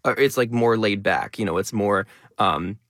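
A young man explaining things quickly in casual conversation, stressing many words as he talks. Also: on the low side, a bit bright, no room sound, clean studio sound. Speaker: guest, educational video creator.

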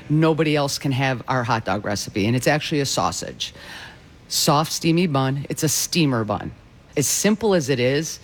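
A man who owns a restaurant, interviewed and speaking proudly and emphatically. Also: fairly high pitch. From Detroit. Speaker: restaurant owner.

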